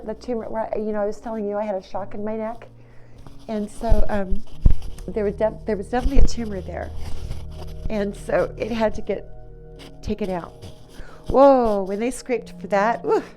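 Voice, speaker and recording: A middle-aged woman speaks at a middle pitch, telling her own story haltingly and piling on "you know"s and restarts. Small laughs slip between her phrases, and soft music plays faintly underneath. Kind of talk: personal storytelling monologue.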